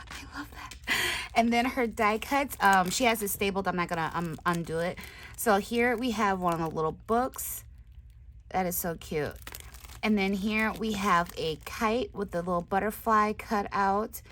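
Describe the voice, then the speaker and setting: On her crafting channel, a woman with a mid-range voice chats casually while unboxing swap gifts at a normal speed. She gushes with excited exclamations and soft whispered asides, with slight background noise.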